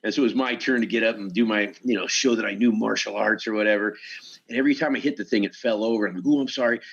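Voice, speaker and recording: A man's voice: on the low side, fast, gravelly, breathy edge, dull audio. A man who works as a stuntman, a podcast guest telling casual stories and acting out the quoted lines in them. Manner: animated, acts out quoted dialogue in the story.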